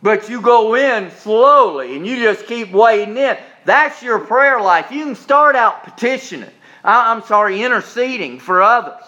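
A man's voice: high voice, expressive, normal speed, sharp tone, lo-fi sound. A middle-aged male minister preaching in a homespun, conversational way, with folksy anecdotes and repeated phrases.

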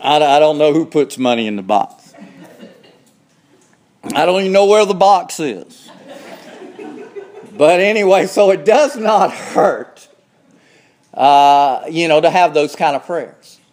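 A man preaching a sermon, slow and emphatic, climbing higher when he presses a point. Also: animated, a little mellow.

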